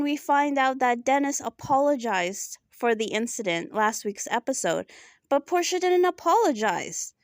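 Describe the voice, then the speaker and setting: A woman reviewing a reality TV episode in animated casual commentary, often asking "right?". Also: high voice, no room sound, clean studio sound.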